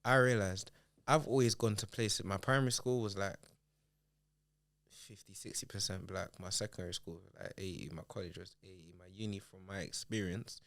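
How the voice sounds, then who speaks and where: A young man, a podcast guest telling animated, slangy stories in a casual chat. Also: deep voice, normal speed, vocal fry, no echo. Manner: animated, slangy, laughs through anecdotes.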